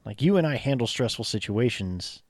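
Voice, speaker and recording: A man co-hosting a podcast talks in relaxed, reflective banter. His pitch moves up and down a lot, and the sound is dry and close with no room echo. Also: fairly quick. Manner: chatty, reflective banter with laughs. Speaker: podcast co-host. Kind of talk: casual chat.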